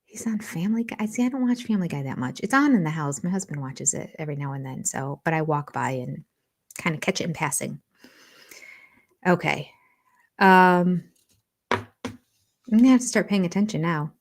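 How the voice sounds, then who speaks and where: An older woman hosts a relaxed live stream from home, talking viewers' comments through out loud. Her voice sits a little low, and she slips into soft half-whispers now and then. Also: fairly quick. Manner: chatty, thinks aloud, drops into soft half-whispered asides. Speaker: reality TV livestream host.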